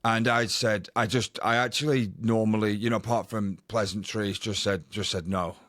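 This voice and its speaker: A man's voice: on the low side, fairly even intonation, moderate pace, fairly bright tone, dry recording, studio quality. A man co-hosting a podcast, telling a rambling anecdote in casual chat. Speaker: podcast co-host.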